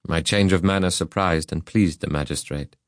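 A man narrating an audiobook in a measured, solemn reading. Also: low voice, no room sound, clean studio sound.

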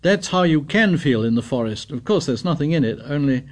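A man reading an audiobook, voicing an intense, obsessive boy hunter who talks eagerly and excitably. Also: on the high side, a little fast, natural voice.

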